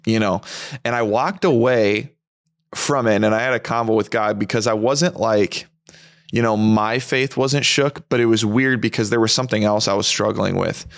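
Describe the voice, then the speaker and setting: A man's voice: on the low side, vocal fry, no room sound, clean studio sound. A man hosting a faith podcast, chatting in a reflective, conversational way. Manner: conversational, reflective, quick back-channel replies. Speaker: podcast host. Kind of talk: casual chat.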